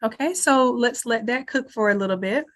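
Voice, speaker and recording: A woman's voice: a little high, normal speed. Chatty woman teaching a live design class. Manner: chatty, thinks aloud while working. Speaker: online design instructor. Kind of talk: live screen-share tutorial.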